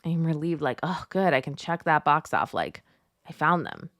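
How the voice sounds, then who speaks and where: A woman in her thirties hosting a devotional show, talking casually and telling family stories with lively retellings. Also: low voice, moderate pace, dry recording, studio quality. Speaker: podcast host.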